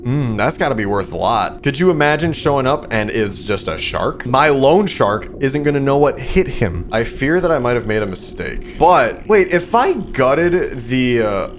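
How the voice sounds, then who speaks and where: A man's voice: mid-range voice, big pitch swings, normal speed, few pauses, slight background noise. A man streaming a game, chatting in a jokey, nervous way and calling the characters bestie. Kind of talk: casual gameplay commentary.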